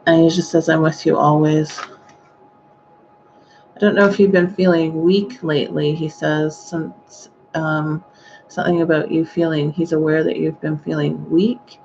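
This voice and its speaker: A woman giving a live-streamed psychic reading, speaking gently and hesitantly with frequent sighing exclamations. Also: low voice, little pitch movement, normal speed, lo-fi sound, a little hiss or hum. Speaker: psychic medium.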